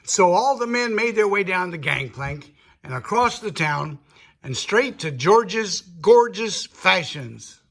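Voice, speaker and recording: An older man reads a children's picture book aloud in a slow, playful way. His voice is high and bright. His pitch rises and falls with lively swings. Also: gravelly. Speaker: storyteller grandfather.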